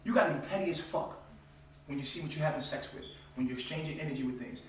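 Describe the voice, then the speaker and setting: A man's voice: on the high side, quick pace, slight background noise. A man hosting his own channel, giving a profane, preachy lecture full of rhetorical questions. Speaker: channel host. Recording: very echoey room, far from mic.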